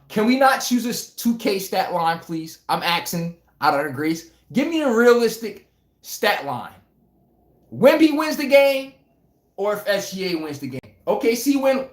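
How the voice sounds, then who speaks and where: A man's voice: sits high, echoey room. A man hosting a casual live sports stream, joking and laughing as he reads viewer comments. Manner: animated, laughing, joking banter with chat.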